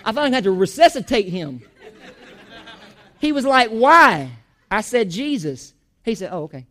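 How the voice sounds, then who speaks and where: A man preaching a sermon in a church, animated, joking and going off on asides. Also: high-pitched, moderate pace. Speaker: pastor.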